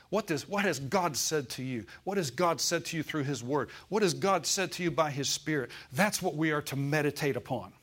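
A man's voice: on the high side, lively intonation, brisk, few pauses, fairly bright tone. An older man preaching a sermon in a folksy, rambling way, climbing to emphatic declarations when he quotes scripture.

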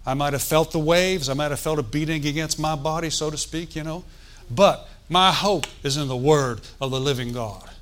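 A man's voice: on the high side, normal speed, few pauses. A man preaching a sermon in a conversational, folksy way, with joking asides and calls for the congregation to answer. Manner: asks the congregation for responses.

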